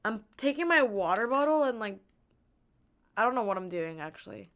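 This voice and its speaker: A woman's voice: a little high, big pitch swings, normal speed, fairly bright tone. A young woman chatting casually on a live stream into an earbud mic, rambling and giggling in a playful way.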